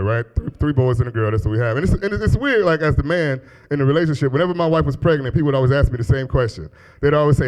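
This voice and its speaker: A man with a medium-pitched, slightly mellow voice does stand-up in a small club. In his thirties, he works a handheld stage mic through a loose, profane set, joking at the crowd's expense and laughing at his own lines.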